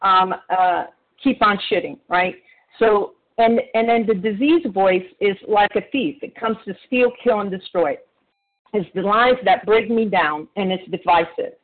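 A man sharing earnestly at a recovery meeting by phone, halting often with restarts and fillers. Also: high voice. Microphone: phone call. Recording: phone-line audio.

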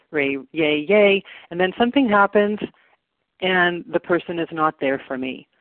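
A man's voice: on the high side, no echo. A man sharing at a recovery meeting, earnest and reflective, repeating words for emphasis, heard over a phone or video call. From Canada. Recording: tinny phone line.

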